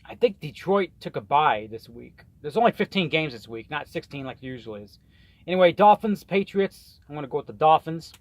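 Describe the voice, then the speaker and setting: Guy cussing thru his football picks, kinda high voice, dry sound. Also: expressive, brisk, no echo. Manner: profane, rambling, trips over words. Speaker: vlogger giving weekly football picks. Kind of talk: casual rant. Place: in a truck on the road.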